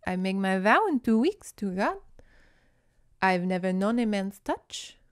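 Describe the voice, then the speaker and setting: A woman's voice: mid-range voice, big pitch swings, measured pace, clean tone. A woman voicing a frightened young novice, breathless and gasping.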